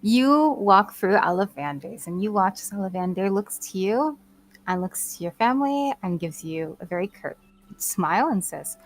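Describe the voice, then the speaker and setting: A woman narrating a tabletop role-playing game as game master, unhurried and hesitant, with many fillers and small laughs. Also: mid-range voice, animated, soft background music.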